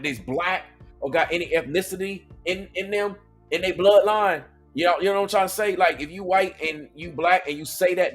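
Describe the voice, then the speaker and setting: A man's voice: fairly high pitch, a bit bright. Chatty Southern man reacting to clips. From Atlanta, Georgia. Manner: conversational, checks in with "okay?" and "right?". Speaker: reaction video host. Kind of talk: casual commentary.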